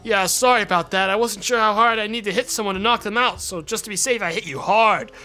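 A man's voice: high voice, fast talker, bright, forceful tone, soft background music. A man doing a blunt, dim sidekick. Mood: offhand.

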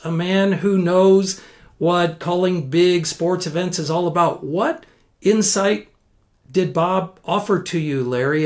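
Higher-voiced male interview host. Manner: measured, formal introductions and warm praise. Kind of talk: interview hosting.

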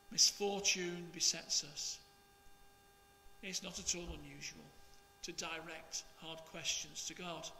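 A man, a priest, reading the Gospel and preaching in a slow, measured, expressive way. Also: high-pitched, in a large hall, slight background noise.

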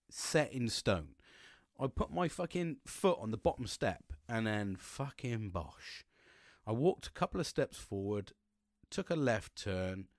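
A man's voice: medium pitch, no echo. Frank, swearing man, dry sound. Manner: frank and heavily profane, rambling with restarts. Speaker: podcast host. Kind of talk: candid personal storytelling.

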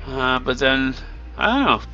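Slow, bright-voiced man narrating gameplay. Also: mid-range voice, sing-song, muffled recording, faint music behind. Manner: thinking aloud, many ums and hedges. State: yawning, tired. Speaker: gameplay video creator. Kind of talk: casual game commentary.

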